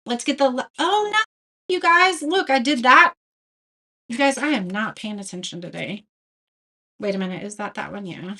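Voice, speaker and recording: A woman with a fairly high, bright, forceful voice talks at a moderate pace while hosting a live craft tutorial. She's chatty and self-deprecating, reading viewer comments aloud and laughing at her own mistakes.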